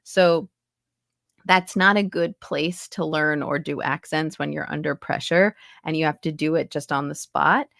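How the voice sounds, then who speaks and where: A woman's voice: deep voice, fairly even intonation, unhurried, creaky, fairly bright tone, dry recording, clean studio sound. A woman who coaches accents and does voice-over work, chatting casually in an interview and explaining with lots of asides. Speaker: accent and dialect coach, voice actor. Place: home recording booth.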